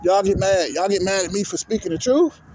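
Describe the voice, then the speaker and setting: A man's voice: high-pitched, a little fast, noisy background. A man giving an angry, profane sports rant to his viewers, exasperated and repeating himself. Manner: profane, exasperated, repetitive ranting. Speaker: vlogger.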